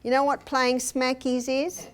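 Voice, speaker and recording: An older woman with a high, flat, slightly slow voice speaks at a health seminar in a hotel meeting room. She tells personal anecdotes and acts out what people said to her.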